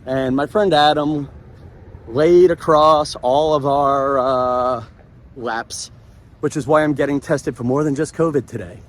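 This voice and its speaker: A man's voice: mid-range voice, unhurried. A man in his forties hosting a podcast, talking in a joking, rambling way while walking outdoors at a beach and recording on a handheld phone. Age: 40s. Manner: animated, joking, rambling asides. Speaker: podcast host. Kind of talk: walking vlog monologue.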